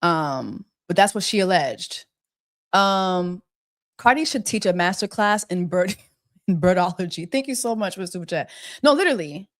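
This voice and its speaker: A woman's voice: fairly low pitch, animated, normal speed. A woman hosting a celebrity gossip livestream, talking casually and exasperated, firing off repeated rhetorical questions and mocking with quacking bird jokes.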